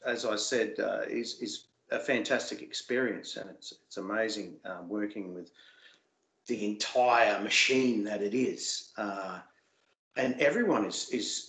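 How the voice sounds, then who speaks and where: A man guest in a casual interview, hesitant and repeating words, getting animated as he recalls. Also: fairly low pitch, reverberant, poor audio. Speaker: interview guest, former singing show contestant.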